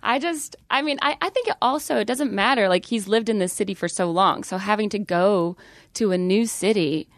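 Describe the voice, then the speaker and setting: A woman's voice: mid-range voice, normal speed, no room sound, clean studio sound. A woman co-hosting a podcast, chatting casually, teasing and laughing often. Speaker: podcast co-host. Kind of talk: casual chat.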